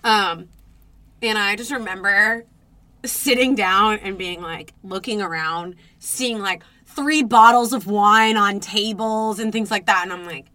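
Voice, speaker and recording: A young woman co-hosting a podcast, telling a dating story in casual chat, animated and swearing, acting out her own reactions. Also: mid-range voice, moderate pace. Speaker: podcast co-host.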